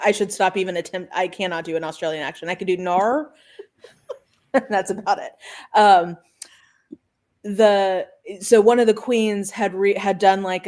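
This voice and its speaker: A woman in a casual book club call over video, telling stories in a rambling, animated way. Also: medium pitch.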